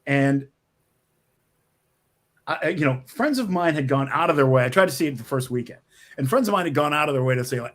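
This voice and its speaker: A man's voice: medium pitch, lively intonation, brisk, pauses often, fairly bright tone. A middle-aged man, a screenwriter guest, chatting casually and rambling with many restarts and small laughs. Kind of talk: casual interview talk.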